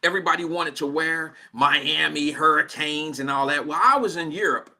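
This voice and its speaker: Bright, high-voiced American radio host. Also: male voice, normal speed. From Cincinnati, Ohio, USA. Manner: animated, slangy, laughs as he tells a story. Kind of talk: casual on-air storytelling. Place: radio studio.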